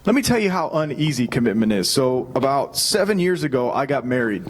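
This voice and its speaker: A man, preaching a sermon in a casual, animated storytelling way and acting out what people said. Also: medium pitch, a little fast, low-quality recording. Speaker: pastor.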